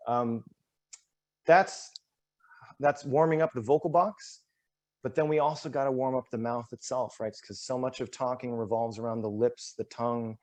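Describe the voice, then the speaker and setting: A man presenting a workshop, walking through voice warm-up exercises in a relaxed, self-deprecating way and demonstrating each one aloud, likely over a video call. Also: mid-range voice.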